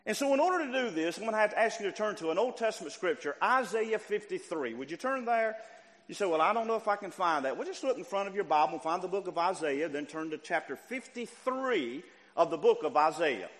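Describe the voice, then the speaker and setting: A high-voiced man preaching a sermon, his voice swinging widely as he climbs to near shouts and then drops low. His words ring out with a long reverb through a church hall. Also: brisk. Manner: animated, rising to near shouts and dropping low. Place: church sanctuary.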